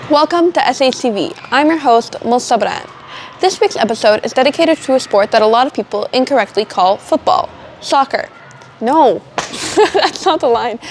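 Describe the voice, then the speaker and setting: A teenage girl with a slightly high voice hosts a student show. She keeps breaking into giggles and restarting her lines, flustered but cheerful. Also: a little hiss or hum. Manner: giggly, flustered by slip-ups. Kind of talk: outtakes of a school show.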